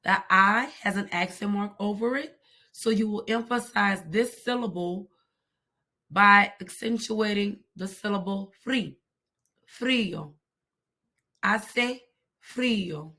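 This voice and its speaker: A woman teaching a language lesson, repeating each word slowly and carefully for pronunciation. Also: mid-range voice, sharp tone. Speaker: Spanish teacher. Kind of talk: slow, deliberate language lesson.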